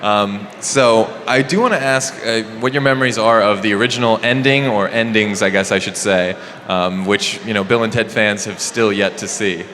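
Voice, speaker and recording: A man's voice: lowish voice, normal speed, fairly bright tone. A man moderating a convention panel, upbeat and enthusiastic as he asks questions. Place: large convention hall. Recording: echoey hall with faint background noise.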